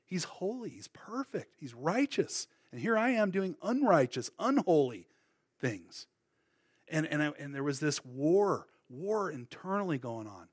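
A middle-aged man gives a sermon mixed with personal testimony, talking in a loose, rambling way. He fills his sentences with "you know" and restarts them often. His voice sits a little on the high side. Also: big pitch swings, measured pace, husky. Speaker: preacher.

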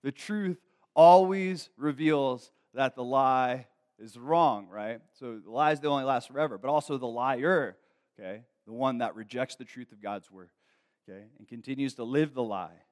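A young man preaching a sermon in a casual, conversational way, telling personal stories full of fillers and rising to excitement as the story builds. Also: medium pitch, normal speed.

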